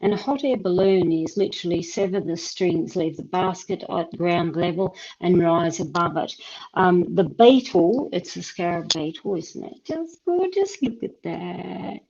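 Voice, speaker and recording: A woman's voice: fairly low pitch, normal speed, a little mellow, highs cut off. Chatty Tasmanian woman reading tea leaves. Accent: Tasmanian Australian. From Australia. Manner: chatty, thinking aloud with many ums. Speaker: host and tea leaf reader. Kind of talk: live-stream reading chat.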